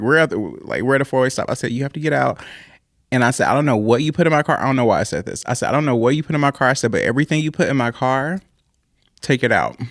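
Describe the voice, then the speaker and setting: A man's voice: mid-range voice, dry recording, studio quality. A young man telling a personal story in a casual podcast chat, rambling and laughing often. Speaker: podcast guest.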